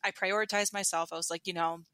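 A woman's voice: fairly low pitch, fairly even intonation, fast talker, pushed and bright, no room sound. A woman telling a personal story as a podcast guest, chatty, with many fillers and restarts. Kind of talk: candid storytelling.

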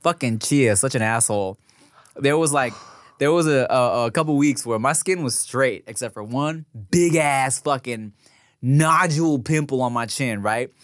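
A man co-hosting a podcast, telling animated stories and acting out the dialogue, swearing freely. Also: mid-range voice, moderate pace, no room sound, clean studio sound. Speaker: podcast co-host. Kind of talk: casual storytelling chat.

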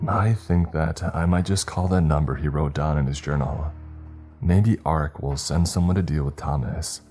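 Deep dark-voiced man narrating horror. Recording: faint music underneath.

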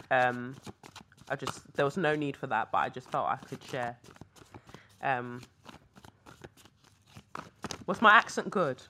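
A woman's voice: very deep voice, animated, slow, long pauses, bright, forceful tone, a little hiss or hum. A young British woman hosting a podcast, chatting casually and rambling through asides while reading tarot. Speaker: podcast host and tarot reader. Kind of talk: casual chat. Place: hotel room.

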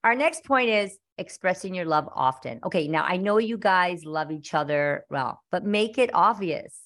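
A woman host of a casual talk podcast, chatting frankly about relationships. Her voice sits low for a woman. She laughs easily between her points. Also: lively intonation, moderate pace, a bit bright. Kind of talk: casual chat.

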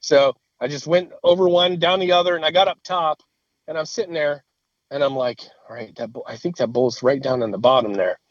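A man telling a lively story in casual chat, with a fairly high voice that climbs when he laughs. He swears freely. The sound is dry and a little muffled, with no room echo. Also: a little fast.

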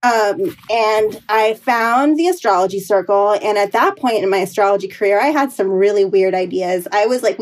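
A woman's voice: a little high, a little mellow. A woman in her thirties, an astrologer, telling stories in a casual interview, chatty and full of "like" and "you know". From New York City. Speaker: astrologer guest.

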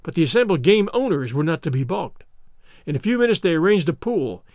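A man narrating a classic adventure story in a clear, even storytelling read. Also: fairly high pitch, brisk, dry recording, clean studio sound.

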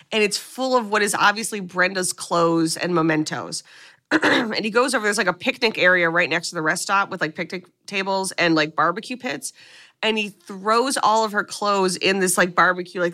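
A woman's voice: medium pitch, normal speed, sharp tone. A woman co-hosting a podcast, recapping a movie in casual chat and swearing freely as she tells the story.

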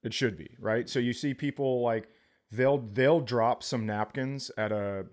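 A man's voice: medium pitch, steady tone, measured pace. A man co-hosting a comedy podcast in casual chat, making dry wisecracks and acting out little exchanges. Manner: dry, wisecracking, acts out bits. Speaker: podcast co-host.

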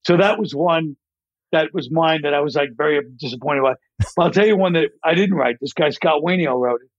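A man with a fairly high speaking voice spins long, rambling comedy stories and slips into character voices as he tells them. The sound is dry and a little dull, like a close studio podcast mic. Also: brisk, dry recording. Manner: rambling, animated storyteller who acts out voices. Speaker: comedian guest. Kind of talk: casual interview storytelling.

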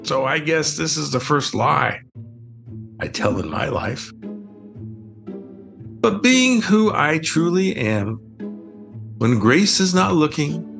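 An older man, the author, reading his children's book aloud as a slow, expressive bedtime story. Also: on the high side, creaky.

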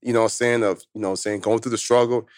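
A man tells his story fast and emphatically, packing it with street slang. He sounds close and dry, with almost no room around him. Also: lowish voice, fairly even intonation, a little mellow, no room sound. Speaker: guest, motivational speaker. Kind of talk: casual storytelling in conversation.

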